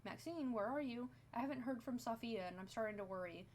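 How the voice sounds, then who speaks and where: A woman's voice: on the high side, fairly quick, a little mellow, a little hiss or hum, close to an everyday voice. A woman reading as an anxious, pleading woman. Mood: worried.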